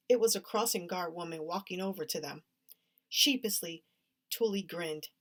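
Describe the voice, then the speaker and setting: A woman reading a children's story aloud in a lively, expressive way. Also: fairly low pitch, moderate pace. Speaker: story reader.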